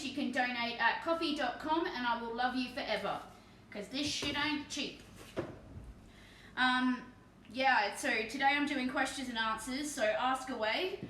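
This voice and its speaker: A woman from Perth, Western Australia, with an Australian accent, chats casually and swears while painting miniatures on a live stream in a room at home. Her voice is high-pitched, bright and forceful. She's off mic in an echoey room, with a little hiss or hum.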